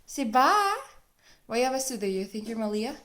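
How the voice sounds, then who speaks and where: A woman's voice: on the high side, very animated, moderate pace, a bit bright. A young woman filming her baby at home, coaxing him in a sing-song voice. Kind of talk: home video baby talk.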